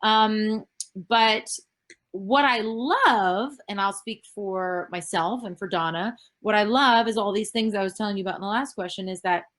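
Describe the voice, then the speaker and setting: Here a thirties-aged actress from Canada chats with fans over a video call in a laid-back virtual panel. Her medium-pitched voice has a fairly bright tone, and her answers ramble, full of fillers with a stray curse word here and there.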